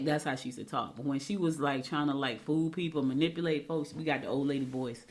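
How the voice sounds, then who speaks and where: A middle-aged woman hosting a horoscope segment, giving chatty advice and telling quick storytelling asides. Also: deep voice. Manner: talks fast when excited. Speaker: radio show host. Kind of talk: casual horoscope segment with chat.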